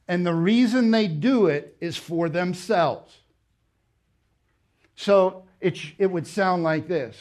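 A man preaching a sermon, emphatic, with rhetorical questions and loud stressed words. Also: fairly high pitch. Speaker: pastor. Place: church.

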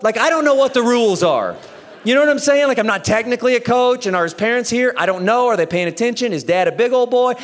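A man in his thirties preaching a sermon, telling a story with lively acted-out dialogue. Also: high-pitched. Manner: animated storytelling, acts out dialogue. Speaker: pastor. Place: church auditorium. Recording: echoey church hall.

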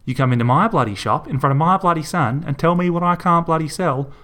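A man voicing a fierce middle-aged woman shopkeeper who shouts and swears in a raised voice. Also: medium pitch, quick pace, voice pushed up, lightly acted. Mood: furious.

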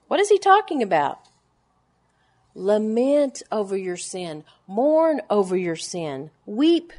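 Woman, 40s, women's Bible teacher; emphatic sermon delivery, mid pitch, lively loud-to-hushed swings. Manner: emphatic preaching, swings from loud declarations to hushed low lines.

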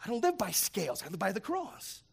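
Male preacher with a high, expressive voice; comic and animated sermon delivery. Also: a little fast, gravelly, slightly rough. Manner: animated, humorous, acts out voices. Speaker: pastor.

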